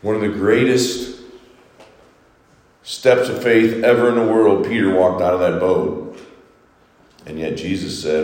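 Man, pastor, sermon, lowish voice, soaring and hushed delivery, reverberant sanctuary. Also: flat delivery, unhurried, pauses often. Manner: preaching with sweeping rises and hushed drops. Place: church sanctuary. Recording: echoey reverberant hall.

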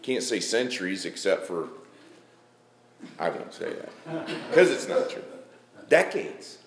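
A man's voice: deep voice, big pitch swings, measured pace, roomy sound, a crowd in the background. A middle-aged man preaching a sermon in a church, folksy, calling out members of the congregation by name.

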